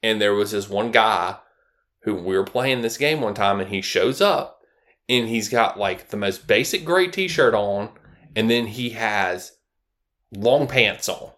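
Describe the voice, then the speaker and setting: A man in his thirties co-hosts a casual podcast chat. His pitch swings widely as he tells stories, and it leaps up high whenever he quotes people. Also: measured pace. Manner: animated storytelling, jumps high when quoting people. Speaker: podcast co-host.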